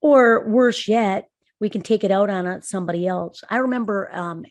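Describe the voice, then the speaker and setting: A woman's voice: mid-range voice, normal speed. A middle-aged woman co-hosting a podcast, telling personal stories in an earnest, emphatic way. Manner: earnest storyteller, emphatic rises. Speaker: podcast co-host. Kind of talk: conversational podcast chat.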